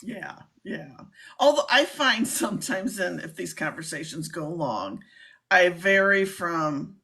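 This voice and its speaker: A woman's voice: lowish voice, sing-song, slow pace, vocal fry, fairly bright tone. A woman hosting a casual livestream chat, talking in a chatty way and laughing easily. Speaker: livestream host.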